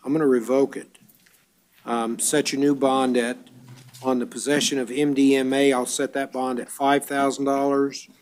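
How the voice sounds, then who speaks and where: A man's voice: medium pitch, level tone, normal speed. A man serving as a judge at a bond hearing, reading out charges and amounts in a matter-of-fact way with hesitant fillers.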